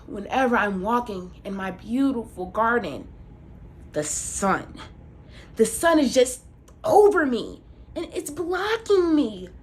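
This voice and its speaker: A never-satisfied wife from a folk tale, demanding more power with a whiny edge, as a woman storyteller puts her on. The pitch sits high and jumps around a lot. She sounds petulant and bossy.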